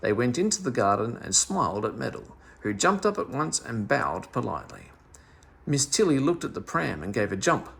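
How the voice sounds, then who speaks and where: A man reading a classic children's story aloud in an animated, expressive way. His voice is gravelly and somewhat husky, with a middle pitch. It rises and falls a lot as he tells the story. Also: moderate pace. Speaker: storybook reader.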